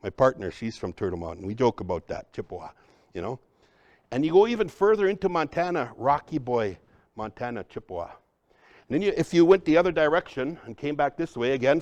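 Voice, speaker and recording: Energetic man leading a workshop. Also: mid-range voice, no echo. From Upper Midwest, United States. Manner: energetic, joking, addresses the crowd as folks. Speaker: cultural trainer. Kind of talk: lively workshop presentation.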